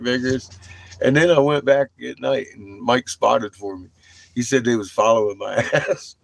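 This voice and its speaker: A man's voice: mid-range voice, moderate pace, vocal fry. A middle-aged man telling a rambling, casual story, swearing freely and laughing often. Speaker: vlogger.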